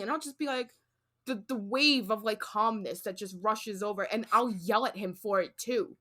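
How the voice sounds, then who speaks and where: A woman in her twenties co-hosting a podcast, chatting casually with animated, profane storytelling. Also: on the high side, a little fast. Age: 20s. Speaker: podcast co-host. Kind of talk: casual chat.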